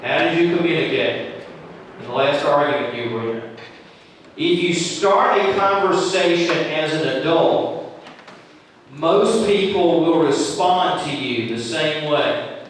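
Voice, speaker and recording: In a church room, a man leads a training talk for volunteers, speaking conversationally and acting out quoted lines as examples. His voice is fairly high and his pace slow, with a little hiss or hum. The echoey room is recorded from far off.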